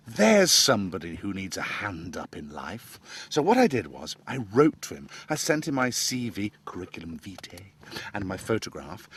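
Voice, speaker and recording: Chuckling man with a lively voice. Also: mid-range voice, husky. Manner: jokey, self-mocking, chuckles between lines. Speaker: actor telling how he joined the show. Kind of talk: anecdotal monologue to camera.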